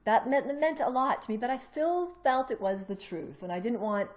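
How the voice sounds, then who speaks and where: A woman's voice: a little high, normal speed. A woman telling her own story in a casual interview, rambling with restarts and acting out what others said. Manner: animated storyteller who acts out other people's lines.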